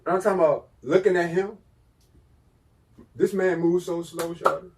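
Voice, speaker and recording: Male podcast co-host, animated storyteller, voice set back from the mic. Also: high voice, moderate pace, far from the mic, low-quality recording. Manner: animated storytelling, swings loud and quiet. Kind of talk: casual chat.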